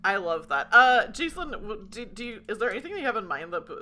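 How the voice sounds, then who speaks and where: A woman's voice: mid-range voice, big pitch swings, fast talker, bright, forceful tone. A young woman casually running a tabletop game, giggling and rambling with many fillers. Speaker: game facilitator.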